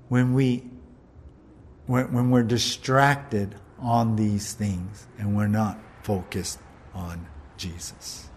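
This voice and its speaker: Slow, earnest preacher, a man. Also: medium pitch. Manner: earnest, repeats words, asks the listeners questions. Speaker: pastor. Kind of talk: sermon.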